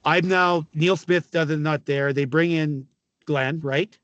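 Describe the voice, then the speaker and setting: A middle-aged man from Canada, a former hockey player, telling stories in an interview, with a raspy voice, laughing often and swearing freely. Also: on the high side, steady tone, takes it slowly, fairly bright tone, dull audio. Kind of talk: casual storytelling interview.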